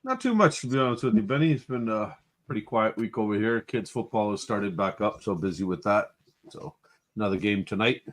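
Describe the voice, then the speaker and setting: A man's voice: on the low side, animated, a little fast. A man co-hosting a casual podcast with dry, wry humour. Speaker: podcast co-host. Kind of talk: casual banter.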